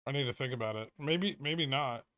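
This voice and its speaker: A man's voice: medium pitch, fairly quick, bright, forceful tone, no room sound. Dry offhand man reading his chat. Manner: dry, offhand, reads chat aloud and answers. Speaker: livestream host. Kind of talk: casual chat reading viewer questions.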